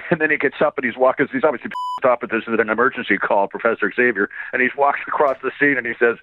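An older man, a voice actor, talking in a rambling and laughing way in a casual interview, swearing freely and tiring his voice quickly. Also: mid-range voice, lively intonation, no room sound. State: gets hoarse quickly. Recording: tinny phone-line sound, dry.

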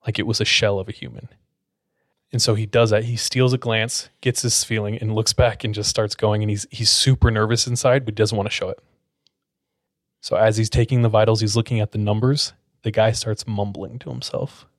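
Man, podcast host, casual scary storytelling, lowish voice, dry close sound, relaxed, says "like" a lot. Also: moderate pace, no echo. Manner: relaxed, fills speech with "like".

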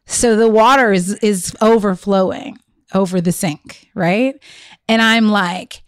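A woman co-hosting a podcast, chatting casually and telling animated stories about her kids. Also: mid-range voice, takes it slowly, clear, resonant tone, no room sound, clean studio sound. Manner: animated storytelling with quoted voices. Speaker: podcast co-host. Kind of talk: casual chat.

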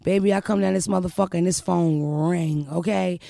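A young woman from Philadelphia hosts a loose podcast chat, loud and brash with plenty of swearing. Her voice has a gravelly fry. The sound is dry and close. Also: fairly low pitch, fairly quick, no echo. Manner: loud, brash, animated, profane. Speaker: podcast host. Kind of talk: casual chat.

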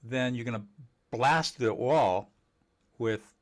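A man teaching communication skills in an interview, emphatic and animated, laughing often and acting out quoted dialogue. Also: mid-range voice, slow. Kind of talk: conversational interview.

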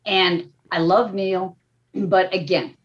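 An older woman, a media professor, talking as a podcast guest in an animated, emphatic way that often ends points with a quick "okay?". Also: lowish voice. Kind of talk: casual podcast talk. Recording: dull, muffled audio.

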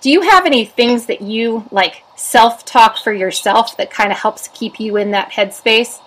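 A woman's voice: on the high side, a little slow, fairly bright tone, poor audio. A woman hosting a parenting podcast, friendly and joking as she asks her guest questions. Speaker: podcast host. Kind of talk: podcast conversation.

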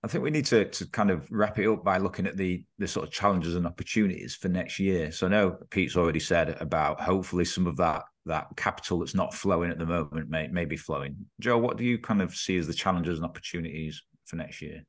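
Deep-voiced joking podcast host. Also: male voice, fast, few pauses. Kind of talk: casual podcast interview.

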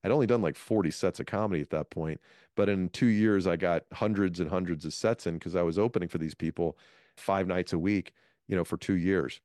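A man in his fifties, a comedian guest, telling stories from his career in a lively interview. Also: deep voice, a little fast, no room sound, clean studio sound. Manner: animated storyteller, restarts phrases. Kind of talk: storytelling interview talk.

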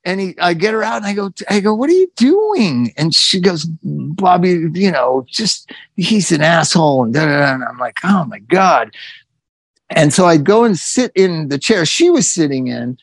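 A man telling stories in casual chat, animated and swearing, acting out what people said. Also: on the high side, normal speed, gravelly, no room sound. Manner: animated, swearing, acts out quotes.

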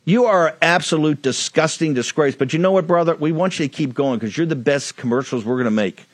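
A man's voice: on the high side, a little fast, no room sound. A man hosting a political talk show, delivering a blunt, fiery, emphatic monologue.

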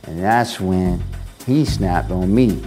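A man with a warm, mellow voice tells his own story. He talks in an animated way, slipping into the voices of the people in it. Faint music sits under his words. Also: low-pitched, takes it slowly. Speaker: interviewee recounting his past. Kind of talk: first-person storytelling.

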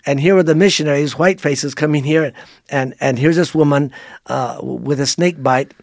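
A man's voice: a little high, moderate pace, gravelly, a little mellow, no echo, clean studio sound. A man who grew up in Thailand, a missionary telling stories in an interview, plain-spoken and often restarting his phrases. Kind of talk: storytelling interview.

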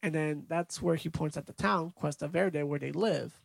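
A man's voice: fairly high pitch, moderate pace, creaky, no echo. A man co-hosting a podcast, casually recapping a movie's scenes from his notes. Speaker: podcast co-host.

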